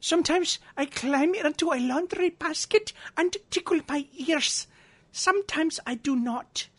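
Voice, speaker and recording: A man putting on the voice of a whimsical, eccentric woman singer in a comic read-through, with slow, oddly formal phrasing. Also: very high-pitched, a bit bright, voice pushed up.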